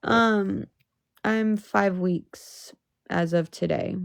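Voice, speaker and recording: A young woman talking to her viewers on a livestream. She is emotional and swears freely, and her voice rises into exasperated outbursts. Her voice sits at a middle pitch and sounds dry and close. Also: fairly even intonation, extremely slow, vocal fry, smooth, no room sound. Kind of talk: casual livestream chat.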